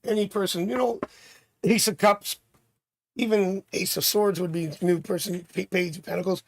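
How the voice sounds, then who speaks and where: A man from Canada hosting a live tarot stream, chatting with viewers and thinking out loud as he reads cards. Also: high voice, steady tone, moderate pace, dry recording. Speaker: tarot reader and livestream host.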